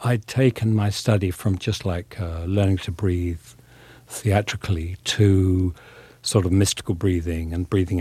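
Male actor guest from England: deep, husky, reflective, unhurried. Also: dark tone, dry recording. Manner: thoughtful, measured, searching for words. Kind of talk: reflective interview talk.

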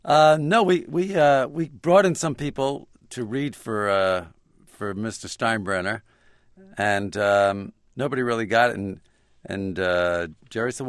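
A man's voice: fairly low pitch, normal speed, dry recording, clean studio sound. An older man, a guest comedy writer and actor, telling wry interview anecdotes with chuckles and acted-out quotes. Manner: wry, chuckling storyteller who acts out the quotes.

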